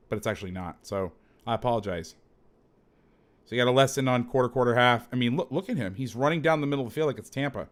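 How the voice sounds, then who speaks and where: A man coaching through game film in a casual breakdown, chatty and quick to correct himself. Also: mid-range voice.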